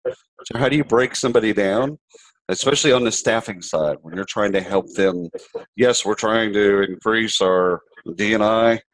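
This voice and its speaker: A man's voice: lowish voice, no echo, low-quality recording. A man in his forties hosting an interview, asking thoughtful questions with frequent hesitations and fillers. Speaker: interview host.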